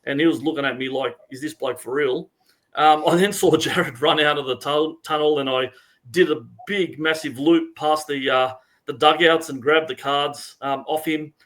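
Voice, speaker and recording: A man's voice: a little high, fairly even intonation, normal speed, a bit bright. A man, a referee coach, chatting with laughs and lots of fillers over a video call. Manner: laughing, hesitant, many fillers. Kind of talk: casual chat on a video call.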